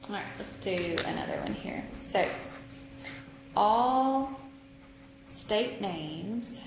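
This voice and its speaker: A woman teaching a math lesson, slow and patient, thinking out loud as she works through examples. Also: mid-range voice, animated. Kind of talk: recorded classroom lesson. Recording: echoey room with noise.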